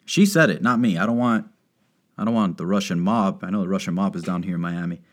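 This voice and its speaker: A man's voice: low voice, fairly quick. A man doing a crude, rambling stand-up comedy monologue, riffing and slipping into put-on voices. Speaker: stand-up comic. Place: Miami.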